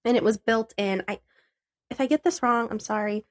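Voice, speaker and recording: A young adult woman with a fairly high voice co-hosts a podcast. She chats loosely and laughs a lot, with the odd curse. She then reads out history notes in a plain, steady way. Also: normal speed. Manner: laughs often, swears casually. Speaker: podcast co-host. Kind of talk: casual chat, then reading researched history.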